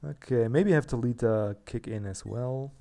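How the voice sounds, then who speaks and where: A man's voice: medium pitch, normal speed, vocal fry, warm tone. A man hosting a let's play, chatting casually and thinking aloud as he plays, with a self-mocking manner. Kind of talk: casual gameplay commentary.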